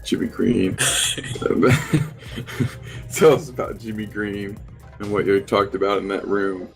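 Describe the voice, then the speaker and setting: A man's voice: on the low side, steady tone, slow, vocal fry, soft background music. A man playing a tabletop role-playing game, joking and laughing often. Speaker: player.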